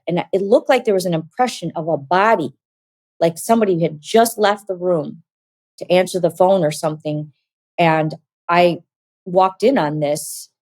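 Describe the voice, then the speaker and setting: A woman with a low, grounded voice tells a personal testimony, animated and vivid. She acts out the voices of the people she quotes, and the sound is close and dry with no room around it. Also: no room sound. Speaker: guest giving a testimony.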